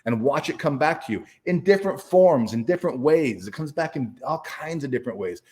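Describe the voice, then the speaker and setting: The speaker is a man whose voice sits a little high and a little mellow, moving fairly quickly and expressively. As an author guesting on an interview, he relates a personal story casually, with swearing, emphasis and many restarts.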